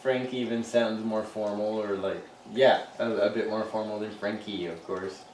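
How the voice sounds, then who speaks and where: A man's voice: on the low side, steady tone, normal speed, a little mellow, distant mic. Middle-aged male co-host, rambling jokey chat; roomy off-mic sound with light noise. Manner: joking, rambling, laughs often. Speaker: podcast co-host. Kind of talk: casual chat.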